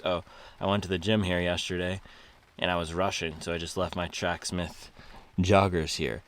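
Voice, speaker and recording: A man with a somewhat low voice vlogs from his parked car on a rainy day. He talks casually to the camera about running shoes, full of upbeat slang and hype. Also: fairly bright tone. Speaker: running shoe reviewer. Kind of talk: casual vlog talk to camera.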